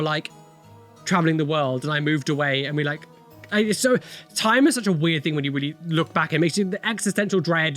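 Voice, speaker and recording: This tattoo reaction video host is a young man who talks casually, rambles, exclaims, and curses often. His tone is fairly bright and his pitch on the high side.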